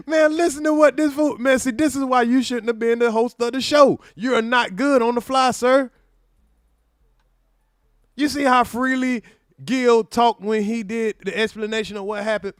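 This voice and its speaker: High voiced guy w/ aave roasting a clip live for his chat, sarcastic, dry close mic. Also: fairly even intonation, moderate pace, no echo. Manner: mocking, sarcastic, mimics apologies in exaggerated voices. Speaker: streamer reacting to a clip. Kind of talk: livestream reaction commentary.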